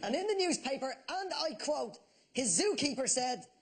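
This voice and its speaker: An Irish man doing a stand-up bit, telling stories quickly with mock outrage. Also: very high voice, big pitch swings, slightly rough. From Ireland. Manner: rapid storytelling, mock outrage. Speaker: comedian. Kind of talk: stand-up routine. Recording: noisy live studio recording.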